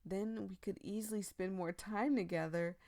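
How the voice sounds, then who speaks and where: A hushed, bashful young man who is cute and a little creepy at once, as a woman reads him aloud. His lines come out soft and quiet. He's the too-eager neighbor of a story game. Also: mid-range voice, fairly even intonation, normal speed, lightly acted. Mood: clingy. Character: shy, clingy young man neighbor, adorable yet creepy.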